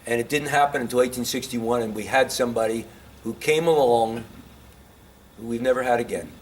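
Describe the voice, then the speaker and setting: A medium-pitched man speaks fairly quickly, with slight hiss or hum in the background. His informal history talk to a live audience is full of quiz questions, and he gets heated about his points.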